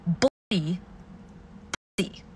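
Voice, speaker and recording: A young woman ranting furiously and profanely at the camera, swinging between shouts and hushed hisses. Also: extremely slow. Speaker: video poster. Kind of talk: angry self-filmed rant.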